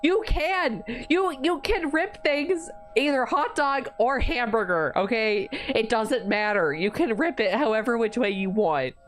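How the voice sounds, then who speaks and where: A woman's voice: a little high, lively intonation, measured pace, hardly any pauses, faint music behind. A woman streamer chatting casually during a live game stream, swearing freely as she banters with her chat.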